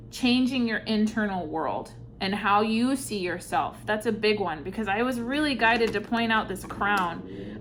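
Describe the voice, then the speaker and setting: A woman giving an intuitive tarot reading, speaking softly and reflectively, with sighs and pauses between thoughts. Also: medium pitch, a little hiss or hum. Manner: slow, soft-spoken, reflective, with sighs and pauses. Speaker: tarot reader.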